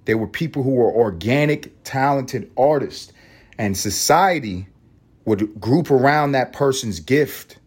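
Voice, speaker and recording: A man hosting a solo podcast, ranting and rambling in a profane, animated way. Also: medium pitch, a little slow, slightly rough. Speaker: podcast host.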